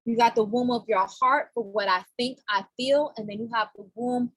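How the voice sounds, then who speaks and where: A woman with a slightly breathy voice, pitched a touch high, chats on a group call. She thinks aloud as she talks, dry and close to the mic. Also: steady tone, moderate pace, a bit bright, no echo, poor audio. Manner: chatty, searching aloud. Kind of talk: casual chat on a group call.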